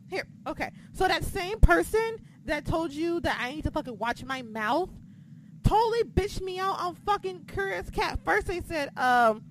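A woman's voice: extremely high pitch, sing-song, moderate pace, slight background noise. A woman co-hosting a casual wrestling podcast, blunt and heavily profane as she rants about the show and her critics. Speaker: podcast co-host.

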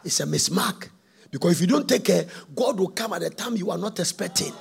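An impassioned male preacher delivers a sermon, swinging between shouts and sung phrases. His voice sits high for a man and is heavily gravelly and husky. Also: expressive, brisk, soft background music.

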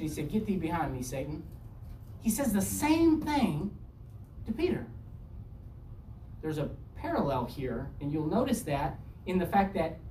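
A woman preaching a sermon, reading scripture aloud and acting out dialogue with a shifting pitch. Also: dark tone, slight background noise. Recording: roomy echo, distant from mic, faint ambience.

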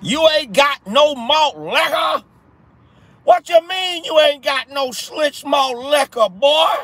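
A man putting on the voice of an older man, yelling high and loud in outrage about missing malt liquor, quoted from a film. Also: expressive, takes it slowly, exaggerated voice. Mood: indignant shouting. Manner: loud, high-pitched, scolding.

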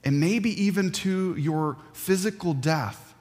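A man preaching a sermon as a pastor, earnest and emphatic, with dramatic pauses. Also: high-pitched, darkish tone. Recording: long hall reverb.

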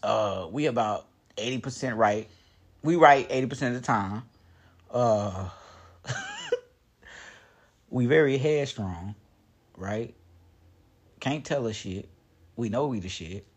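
A young man hosting a casual chat, joking and profane, laughing often and swinging from loud to low. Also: wildly swooping pitch, slow, pauses often, husky. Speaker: podcast host.

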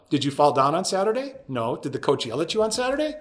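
Animated storytelling man, slightly high voice. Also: fast. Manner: acts out quoted voices in his stories. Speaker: podcast guest. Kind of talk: storytelling in a conversation.

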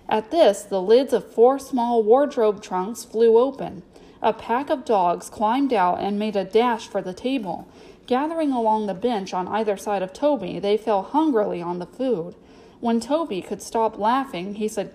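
A woman reads a storybook aloud in a steady, clear, even way. Her voice sits fairly high, and the telling keeps a calm storytelling pace. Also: unhurried, poor audio. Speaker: narrator. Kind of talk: storybook reading.

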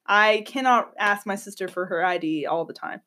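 A woman's voice: mid-range voice, normal speed, sharp tone. A young woman in casual chat, answering questions in a loose, chatty way with swearing and laughter. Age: young adult.

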